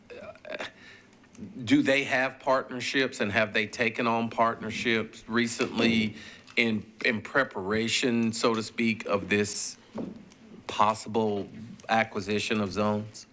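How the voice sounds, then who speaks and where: Man, commissioner, halting questions, low voice, faint hiss. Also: sharp tone. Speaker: commission member. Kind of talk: questioning at a hearing.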